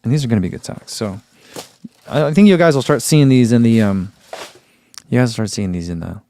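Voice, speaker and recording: A man's voice: mid-range voice, expressive, brisk, warm tone. A young man hosting a running channel, chatting casually and rambling as he shows products and reads viewer comments. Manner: easygoing, rambling, reads chat comments aloud. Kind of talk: casual livestream chat.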